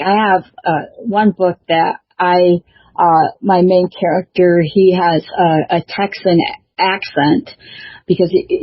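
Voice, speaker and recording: A woman's voice: lowish voice, breathy edge, dry recording. A woman author and show host chatting casually, talking hesitantly with many fillers and restarts. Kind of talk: casual chat. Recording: dull lo-fi dry recording.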